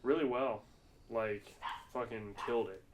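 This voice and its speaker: A man's voice: mid-range voice, fairly even intonation, a little slow, background noise. Rambling, profane podcast co-host man. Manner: rambling, profane storytelling with lots of fillers. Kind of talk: casual chat.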